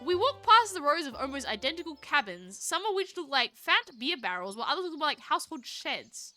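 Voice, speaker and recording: A woman streaming a story game live, reading its text aloud and joking with her chat in an animated way. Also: high-pitched, fairly quick, soft background music. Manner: animated, jokey, talks to chat.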